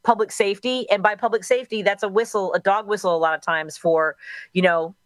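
A woman's voice: mid-range voice, steady tone, fast, no echo. A middle-aged woman from Chicago, a radio host speaking as a guest in a radio interview, candid and thinking aloud with restarts.

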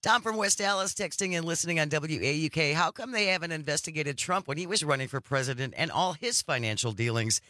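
A man co-hosting a talk radio show, reading news items and listener texts and chiming in with lively agreement. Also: on the high side, fast, few pauses, dry recording, clean studio sound.

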